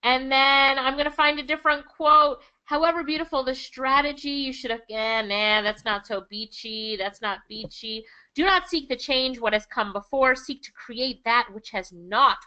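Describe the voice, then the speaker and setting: A high, bright-toned woman with a Jamaican accent talks through a screen-share lesson in an enthusiastic, chatty way. The audio is a little dull and lo-fi, like a computer mic. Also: normal speed, hardly any pauses, clear, resonant tone. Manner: enthusiastic, chatty, laughs often. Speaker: online income instructor.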